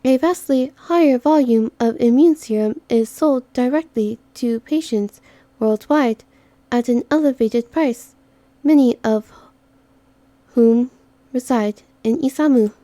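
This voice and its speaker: Brief: woman voicing a precise, formal AI in a game reading, slow and clinical. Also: on the high side, mellow, no room sound, pitched above the performer's own voice, close to an everyday voice. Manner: clinical, data-driven, formal. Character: precise, formal machine intelligence briefing an operative. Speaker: visual novel reader.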